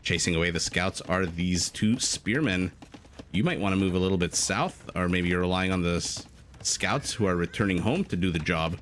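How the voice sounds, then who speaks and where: A man's voice: sits low, moderate pace, fairly bright tone, a little hiss or hum. A man casting a strategy game live, chatting and joking with his viewers between plays. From Canada. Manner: chatty, jokey, breaks off to answer chat. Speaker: game caster. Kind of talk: live esports commentary, reading chat.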